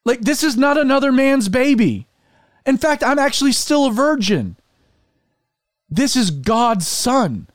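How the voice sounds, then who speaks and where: A man's voice: extremely high pitch, big pitch swings, unhurried, dry recording, clean studio sound, pitched above the performer's own voice, exaggerated voice. A man voicing an earnest young woman who insists she is innocent, in a retelling during a talk show. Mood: pleading.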